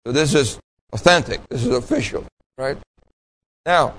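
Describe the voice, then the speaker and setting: A man's voice: mid-range voice, animated, normal speed, long pauses, a bit bright, rough recording. A man preaching a sermon with an emphatic, pointed delivery, asking the congregation questions and answering them himself. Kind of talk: sermon with call-and-response.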